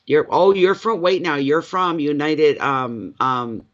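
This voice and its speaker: A man's voice: a little high, lively intonation, unhurried, hardly any pauses, fairly bright tone. A man hosting a tarot-reading livestream, chatting casually with viewers in a rambling way and laughing easily. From eastern Canada. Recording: dull lo-fi livestream audio.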